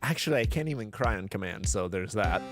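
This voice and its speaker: A man streams a game playthrough, joking and laughing at himself as he goes. His voice jumps around in pitch with plenty of life. Loud game music plays underneath the whole time. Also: expressive, quick pace. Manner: joking, laughing, self-mocking.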